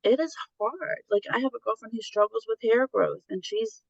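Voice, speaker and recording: A woman's voice: a little high, animated, normal speed, gravelly, dry recording, muffled recording. A middle-aged woman telling stories candidly in a casual conversation, acting out the voices of the people she quotes. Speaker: guest.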